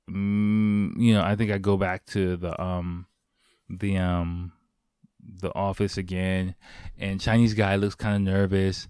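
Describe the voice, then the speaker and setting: A man's voice: deep voice, darkish tone, dry recording, clean studio sound. A man casually telling a long story, rambling with lots of fillers, restarts and casual swearing.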